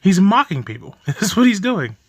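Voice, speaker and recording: A young man rants furiously at a video, swearing and letting out bitter laughs. His voice is bright and sits fairly high, and his pitch jumps around a lot. The sound is close and dry. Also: sing-song, brisk, breathy edge, no echo. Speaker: video reaction host. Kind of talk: angry reaction commentary.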